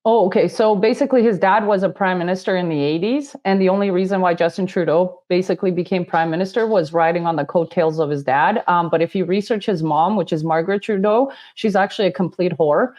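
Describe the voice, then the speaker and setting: A woman's voice: fairly low pitch, fast talker, hardly any pauses, a little mellow. A Canadian woman with a Canadian accent, a podcast guest in casual chat who talks bluntly and sarcastically and laughs easily.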